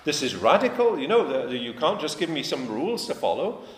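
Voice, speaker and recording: A man's voice: on the high side, sing-song, brisk, a little hiss or hum. Man preaching in an echoey hall. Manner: conversational, questioning the congregation, emphatic. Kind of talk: sermon. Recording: echoey hall, faint ambience.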